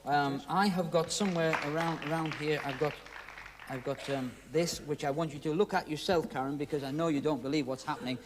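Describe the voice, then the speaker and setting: In a noisy 1970s TV recording with a studio audience, a magician host talks a trick through with volunteers, full of teasing jokes. His voice is fairly high with fairly even intonation, and he speaks a little fast.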